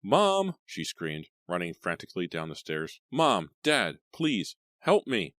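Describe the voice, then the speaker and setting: A man voicing a terrified teenage girl who screams and pleads, pushing his voice high and loud. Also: normal speed, no room sound, clean studio sound. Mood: panicked.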